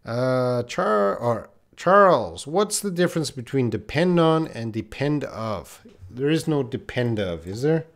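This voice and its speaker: A man's voice: mid-range voice, very animated, unhurried, hardly any pauses. A man teaching English on a live stream, reading out viewer questions and answering them bluntly. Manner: reads viewer questions aloud and corrects them, blunt and direct.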